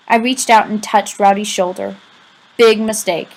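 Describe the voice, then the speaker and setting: A woman's voice: mid-range voice, fairly even intonation, unhurried, vocal fry, darkish tone, low-quality recording. A woman reading a first-person novel aloud in a conversational, confiding way with casual asides to the listener. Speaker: audiobook reader.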